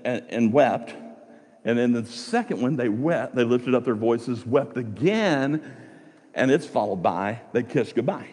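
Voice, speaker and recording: Male pastor, conversational sermon, husky voice, hall reverb. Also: mid-range voice, darkish tone. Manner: conversational, asks the audience questions.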